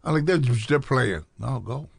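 A man's voice: mid-range voice, lively intonation, a little slow, gravelly, slightly rough, no room sound. A man from Chicago, a podcast guest telling his life story in casual talk, acting out quoted dialogue as he goes.

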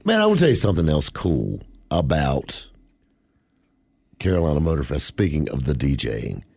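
A man's voice: very deep voice, huge pitch swings, normal speed, creaky, darkish tone, slightly rough, dry recording, clean studio sound. A man hosting a radio show, teasing his co-hosts and laughing often in casual banter.

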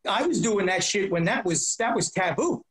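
Rambling high-voiced man in casual chat. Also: lively intonation, normal speed, a bit bright, rough recording. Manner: rambling, with many restarts and repeated words. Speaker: guest, prank-call comedian.

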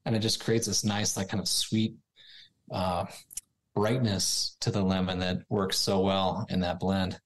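A man's voice: sits low, level tone, measured pace, poor audio. A man interviewed as a guest, explaining things in a friendly way with many fillers. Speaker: guest, tea company president. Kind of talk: interview answers.

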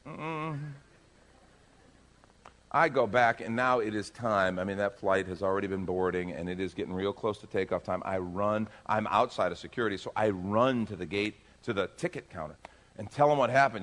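A male pastor telling a lively story in a sermon, acting out the people in it. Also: fairly low pitch, moderate pace. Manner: animated, acts out dialogue in his story.

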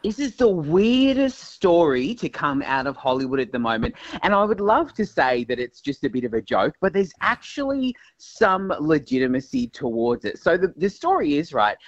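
A man's voice: on the high side, sing-song, moderate pace, few pauses, no room sound, muffled recording. An Australian man, an entertainment reporter, telling celebrity gossip as a chatty story. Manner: storytelling, conspiratorial.

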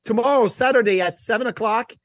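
A man's voice: very high-pitched, brisk, fairly bright tone, no echo, clean studio sound. A man hosting a sports talk show, talking casually and with energy about past games. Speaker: sports radio host.

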